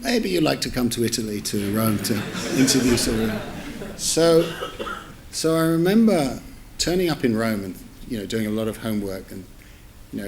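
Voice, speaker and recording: There's slight background noise as a middle-aged newspaper editor with a lowish voice delivers a public lecture to an audience in a lecture theatre. His anecdote is amused and rambling, chatty and self-interrupting, full of corrections and asides.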